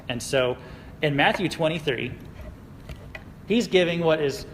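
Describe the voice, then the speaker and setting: A man preaching a sermon to a youth group in a casual, conversational way, with fillers and quick laughs. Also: mid-range voice, fairly bright tone, in a large hall, a little hiss or hum, poor audio. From United States. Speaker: youth pastor. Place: church sanctuary.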